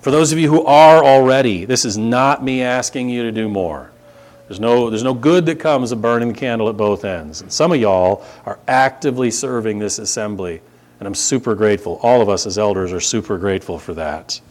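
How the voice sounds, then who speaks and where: A man's voice: mid-range voice, a little fast, a little mellow. A man preaching a sermon as pastor, reading scripture and exhorting the congregation.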